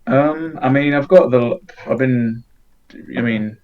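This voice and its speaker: A man's voice: mid-range voice, takes it slowly, phone-quality sound. A man who makes game videos, talking casually as a podcast guest, rambling and swearing a little. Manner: rambling, full of fillers and restarts, casual swearing.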